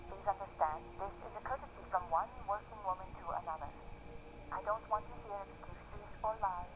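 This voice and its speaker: An actress voicing urgent and stern voicemail messages in a video game. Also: female voice, medium pitch, brisk, close to an everyday voice. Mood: cold, formal. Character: women leaving phone voicemails, urgent then cold. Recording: dull voicemail audio with noise.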